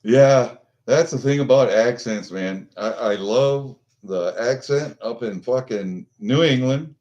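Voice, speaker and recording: A man's voice: mid-range voice, slow, darkish tone, muffled recording. A middle-aged man chatting casually with his livestream viewers, rambling and swearing, with lots of fillers and restarts. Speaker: vlogger chatting with live viewers.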